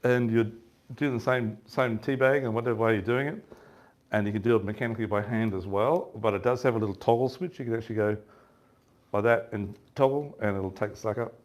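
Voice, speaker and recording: A man telling a lively fishing story at a live seminar, laughing and acting out what his mates said. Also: fairly low pitch, fairly quick. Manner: chatty, laughing, acts out quoted lines. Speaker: fishing shop presenter.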